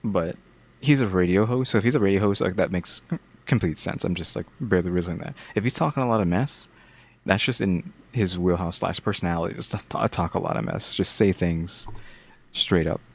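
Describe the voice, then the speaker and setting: A man co-hosting a reaction show, thinking out loud in a hesitant, rambling way as he gives his take. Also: deep voice, brisk, gravelly, slightly rough. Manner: thinks aloud, hesitant with many fillers and restarts. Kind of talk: casual commentary.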